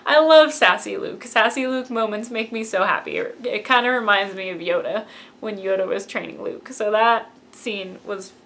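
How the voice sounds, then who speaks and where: A woman's voice: medium pitch, normal speed, a bit bright. A woman giving a casual, gushing fan review of a film and acting out lines from it. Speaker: movie reviewer.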